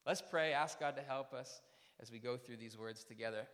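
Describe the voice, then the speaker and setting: Chatty pastor in a reverberant church. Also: male voice, medium pitch, moderate pace, a bit bright. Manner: conversational, storytelling, self-deprecating. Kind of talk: sermon. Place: church sanctuary. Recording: long church hall reverb.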